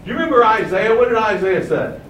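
Man preaching, high voice, animated, roomy echo, mic set back. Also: fast, far from the mic, a little hiss or hum. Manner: animated, rhetorical questions, booming quoted acclamations. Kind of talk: sermon.

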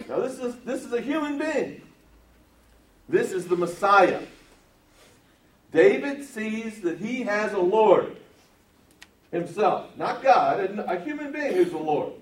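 Emphatic preacher, roomy and distant. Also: male voice, high voice, lively intonation, slow pace, pauses often. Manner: emphatic, shifts from quiet to loud, asks the audience questions. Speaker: preacher teaching from the Bible. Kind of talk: sermon, verse-by-verse Bible teaching.

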